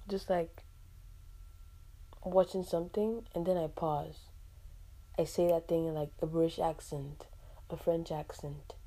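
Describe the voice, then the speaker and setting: A woman from Nigeria with a Nigerian accent hosts a solo podcast in a relaxed, chatty way. Her voice sits a little low and sounds mellow and soft-edged. She talks expressively and scatters "like" through her sentences. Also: husky. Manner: chatty and expressive, with frequent "like" fillers and asides. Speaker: podcast host. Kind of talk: casual solo podcast talk.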